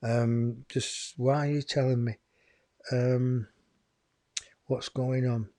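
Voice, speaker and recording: Slow, rambling man. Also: mid-range voice, level tone, dark tone. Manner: rambling, chatty, addresses viewers as folks. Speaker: psychic medium host. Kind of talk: live-streamed channeling show.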